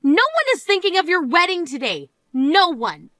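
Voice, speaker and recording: Actress as a grieving sister, high voice, exasperated and scolding, dry close sound. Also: female voice, lively intonation, moderate pace, fairly bright tone, no echo. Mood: furious. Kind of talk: dramatized story voice acting.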